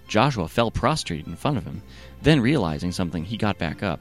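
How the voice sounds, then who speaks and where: A man narrating a satirical retelling of a scripture story in a deadpan, sardonic manner. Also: fairly low pitch, a little fast. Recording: faint music underneath.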